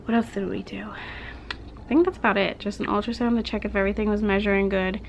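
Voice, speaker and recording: A woman's voice: mid-range voice, steady tone, fast talker, creaky, rough recording. A young woman chatting casually in a home vlog, rambling with lots of "like", a little out of breath. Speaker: vlogger. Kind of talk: casual pregnancy update vlog. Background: washing machine hum.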